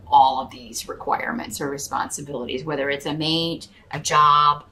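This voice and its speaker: A low-pitched woman with fairly even intonation and a pushed, bright tone gives a casual tarot reading a little slowly, speaking directly to the listener as their star sign. Her talk rambles with hesitations, fillers, and restarts, and the poor audio has a bit of hiss or hum.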